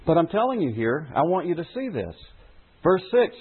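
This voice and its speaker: A man's voice: on the high side, big pitch swings, normal speed, slightly rough. A middle-aged male pastor preaching a sermon, putting rhetorical questions to his congregation. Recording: phone-like lo-fi recording.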